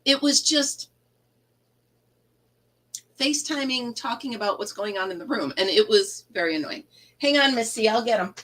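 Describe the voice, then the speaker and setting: A woman's voice: fairly high pitch, expressive, normal speed, pauses often, a bit bright, a little hiss or hum, poor audio. A middle-aged woman hosting a casual live chat, telling a funny story and laughing often. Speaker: livestream host.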